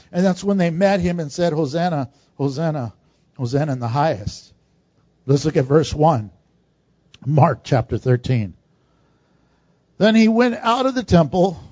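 High-voiced man preaching a lively sermon. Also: dry recording, highs cut off. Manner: animated storytelling, asks the audience questions. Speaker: pastor.

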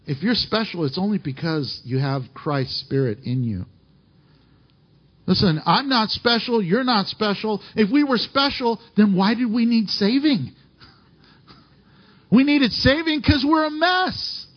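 A man delivers a sermon in a high, husky voice, reading scripture aloud between stretches of heartfelt commentary. His preaching surges with fervor and then drops to near whispers. The recording sounds dull and lo-fi. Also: animated, a little slow. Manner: emotional, rising and falling preaching with scripture readings. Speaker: pastor.

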